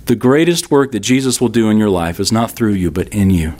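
Emphatic male Bible teacher, lively pitch. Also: fairly quick. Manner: emphatic, repeats key lines, addresses listeners directly. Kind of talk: sermon-style Bible teaching.

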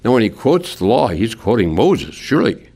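A man preaching a sermon as a pastor, lively and folksy with homespun sayings. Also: mid-range voice, moderate pace, slightly rough.

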